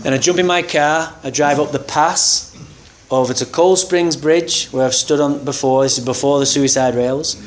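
A man tells his recovery story in a candid, wry way, his voice sitting a little high. Faint room ambience hangs behind him. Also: steady tone, moderate pace, slight background noise. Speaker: speaker sharing a recovery story. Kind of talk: personal storytelling talk.

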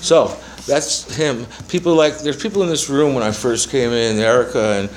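A man's voice: medium pitch, moderate pace, slight background noise, low-quality recording. A man in his seventies giving a personal testimony to a recovery meeting, rambling through his story with profanity and self-mocking humor. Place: meeting room with a small audience.

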